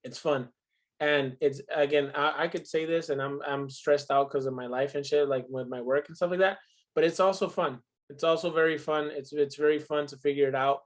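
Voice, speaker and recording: A man's voice: a little high, steady tone, a little fast. A man in his twenties in casual podcast chat, telling stories emphatically and swearing freely. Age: 20s. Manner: profane, emphatic storytelling.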